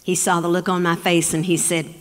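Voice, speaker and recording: A woman from Texas telling a story on stage, dramatic and slowing for emphasis. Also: lowish voice, little pitch movement. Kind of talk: live storytelling performance. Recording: long reverb of a performance hall.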